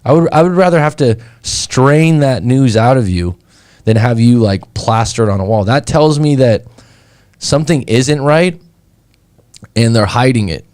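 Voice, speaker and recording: A man from California, a breakup coach hosting a show, chatting casually and telling stories in an animated way. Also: medium pitch, a little slow, dry recording, studio quality. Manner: animated, conversational, acts out anecdotes. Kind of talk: casual chat, storytelling.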